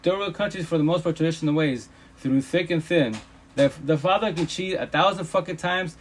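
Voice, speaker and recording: A man's voice: fairly high pitch, a little fast, a little hiss or hum. A man hosting a livestream, ranting in a casual, preachy way, emphatic and profane, repeating himself. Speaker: livestream host. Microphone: phone livestream.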